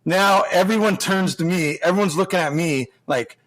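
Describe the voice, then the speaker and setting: A middle-aged man, a former hockey player and podcast guest, telling profane locker-room stories in a lively, casual way full of restarts. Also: sits high, normal speed. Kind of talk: casual storytelling chat.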